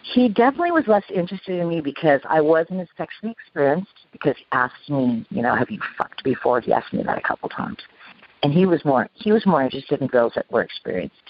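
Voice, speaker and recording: A middle-aged woman recounting a past ordeal in an interview, halting, with many restarts and fillers. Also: low-pitched, expressive. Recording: dull, lo-fi sound.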